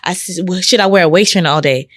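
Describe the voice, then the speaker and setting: A woman's voice: lowish voice, fast talker, no room sound, studio quality. A woman guest in casual chat who talks earnestly about faith and giving back, getting emotional. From Houston, Texas. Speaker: podcast guest, salon co-owner.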